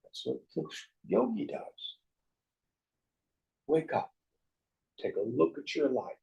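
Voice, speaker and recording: A man's voice: medium pitch, sing-song, slow pace, creaky, dark tone, muffled recording. A man teaching a class on spiritual verses, telling stories in a wry, joking way.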